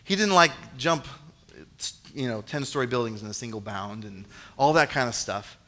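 A young man giving a casual sermon, reading scripture and acting out the scenes in an animated, joking way. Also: medium pitch, moderate pace. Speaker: preacher. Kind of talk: casual youth-style sermon with Bible reading.

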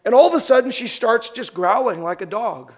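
A young man preaches with a bright, high voice, often slipping into quick acted-out voices. He speaks as a pastor to his congregation, casual and animated. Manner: animated, acts out quoted voices. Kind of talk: sermon.

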